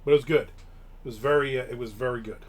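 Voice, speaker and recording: A man's voice: mid-range voice, fast, a little mellow, husky. A man from Newark, hosting a live stream and telling rambling, casual stories with offhand swearing. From Newark, New Jersey. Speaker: show host.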